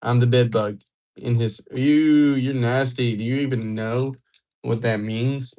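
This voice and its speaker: A little mellow and a little slow, this young livestreamer from Georgia speaks in a steady, medium-pitched voice. He's chatty and laid-back, joking with the people watching.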